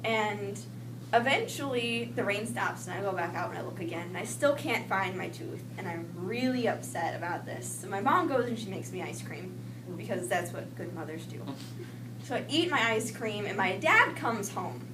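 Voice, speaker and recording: A young woman telling a personal childhood story in a lively way, acting out the voices she quotes. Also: medium pitch, moderate pace. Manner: animated, acts out quoted voices. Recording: echoey room with noise, mic at a distance.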